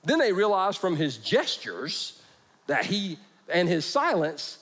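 A man's voice: high voice, wildly swooping pitch, slow pace, a bit bright. A man preaching a humorous sermon, joking as he retells scripture. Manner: playful, joking, acts out scripture with voices. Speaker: pastor.

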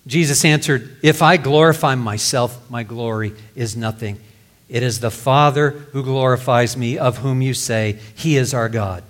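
A man's voice: mid-range voice, normal speed. A man preaching a sermon, reading scripture aloud and explaining it in plain words. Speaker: pastor.

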